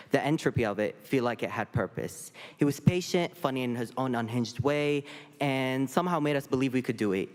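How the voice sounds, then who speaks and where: A high school senior boy giving a prepared, lightly humorous tribute to a teacher at a ceremony. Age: teens. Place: large auditorium. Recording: long reverb of a large hall.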